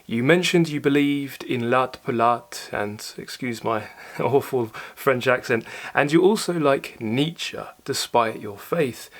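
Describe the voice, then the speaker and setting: Young male host, mid-pitched, earnest and reflective, unscripted solo talk with fillers. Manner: thoughtful, earnest, with fillers and restarts. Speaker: channel host answering viewer questions. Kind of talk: casual solo talk to camera.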